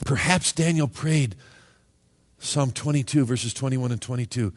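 A middle-aged man preaching a sermon, animated and joking, now and then acting out the voices of Bible figures. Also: medium pitch, normal speed. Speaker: pastor.

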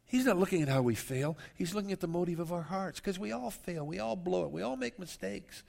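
Gravelly-voiced man preaching a sermon. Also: high-pitched, animated, fairly quick, a little mellow. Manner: earnest, conversational preaching with direct asides to listeners. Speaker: pastor. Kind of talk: verse-by-verse sermon.

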